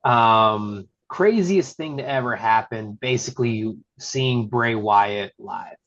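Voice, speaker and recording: A man from Texas, a wrestling referee and podcast guest, telling stories in a casual interview and acting out quotes in a high voice. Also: takes it slowly. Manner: excitable storyteller who acts out quotes in a high voice. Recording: slightly muffled lo-fi audio.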